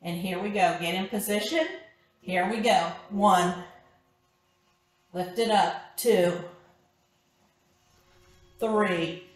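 A woman's voice: mid-range voice, fairly even intonation, slow, pauses often, recorded from a distance. A woman instructor leading a core workout class, counting reps and calling out short cues. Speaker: fitness instructor. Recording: echoey room with background music.

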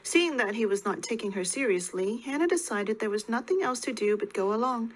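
A woman narrating an audiobook in a calm, even storytelling way. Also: on the high side, brisk, low-quality recording.

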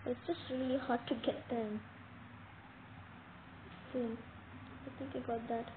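A woman giving casual game commentary, talking straight to viewers with excitable, dramatic alarm. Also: a little high, slow pace. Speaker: gameplay commentator. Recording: tinny phone-like audio with faint noise.

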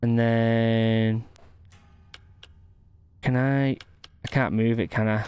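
A man talks his way through a video game, thinking aloud and muttering half to himself as he hunts for the way forward. His voice is smooth and resonant, pitched in the middle for a man. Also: flat delivery, drawn-out words, a little mellow. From United Kingdom. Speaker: gaming channel host. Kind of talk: gameplay commentary.

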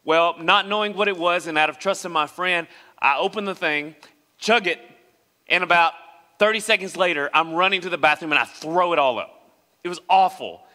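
A young man with a bright, forceful voice, telling a story from the pulpit. He speaks a little high for a man and acts out the other people in his story as he goes. His voice carries with a long ring through the church hall. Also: moderate pace. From West Tennessee. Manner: animated storyteller acting out quoted voices. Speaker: pastor. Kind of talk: sermon storytelling. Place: church sanctuary.

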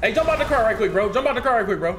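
A man's voice: very high voice, expressive, rapid-fire, a crowd in the background. A man streaming gangster role-play in a game, hurling aggressive, profane trash talk and repeated taunts. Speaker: streamer and server owner.

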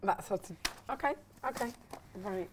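A woman's voice: mid-range voice, measured pace, noisy background. A woman as a guest in a comedy sketch, polite and hesitant, checking what she is asked to do. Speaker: comedian guest playing a student actor.

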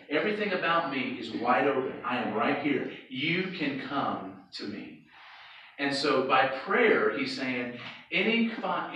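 A man gives a relaxed youth sermon, talking to the room as if chatting and checking in with a quick "okay?" every few lines. He stands back from the microphone in a very echoey hall, with a little noise under his voice. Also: medium pitch, far from the mic, dull audio. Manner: conversational, checks in with frequent "okay?". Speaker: youth pastor. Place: church hall or sanctuary. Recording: echoey hall, speaker away from mic.

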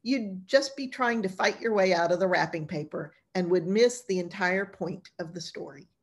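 A woman's voice: fairly low pitch, normal speed. Woman pastor doing bible class, chatty, super casual storytelling. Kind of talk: informal Bible lesson.

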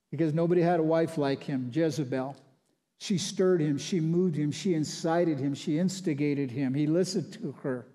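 Folksy pastor in a reverberant hall. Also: male voice, fairly high pitch, warm tone. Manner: folksy storytelling, acting out voices and sounds. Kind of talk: conversational Bible teaching sermon. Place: church sanctuary.

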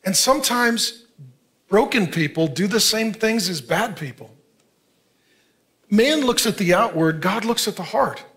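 A man in his fifties preaching a sermon as a pastor, conversational, dropping to a near hush for emphasis. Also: high voice, animated, measured pace, pauses often. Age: 50s.

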